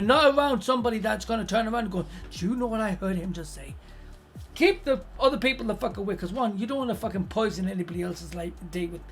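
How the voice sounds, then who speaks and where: Blunt, foul-mouthed streamer giving advice. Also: medium pitch. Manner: blunt, swears constantly; animated, acts out quoted voices. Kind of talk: casual live-stream advice chat.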